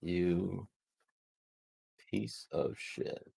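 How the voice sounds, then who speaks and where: A man's voice: sits low, drawn-out words, vocal fry, warm tone, husky. Joking male podcast co-host. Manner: joking, teasing, reads chat comments aloud. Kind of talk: casual livestream chat.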